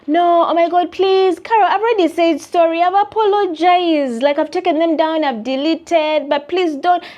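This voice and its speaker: A woman voicing a pleading, over-apologetic business owner in a high, whiny voice. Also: moderate pace, a little mellow.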